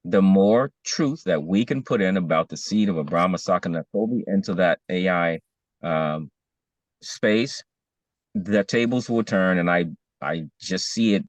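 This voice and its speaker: A man's voice: low voice, no room sound. A man in casual discussion as co-host, talking emphatically, his voice rising when he is stirred.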